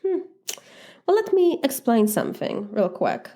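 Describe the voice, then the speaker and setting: This life coach from Poland has a medium-pitched, mellow voice and a normal pace. Her talk to listeners is casual and straightforward, and she voices example replies herself.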